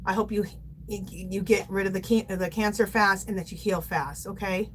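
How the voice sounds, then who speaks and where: A woman's voice: mid-range voice, steady tone, moderate pace, slight background noise. A woman hosting a casual craft livestream, chatty and playful, reading viewer comments aloud and laughing often. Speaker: livestream host.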